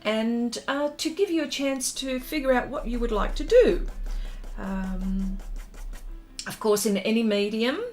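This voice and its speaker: A woman's voice: fairly high pitch, unhurried, darkish tone, faint music behind. Chatty woman hosting an art stream. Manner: chatty and heartfelt, many ums, reads out chat comments. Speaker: art livestream host. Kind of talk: casual livestream chat while drawing.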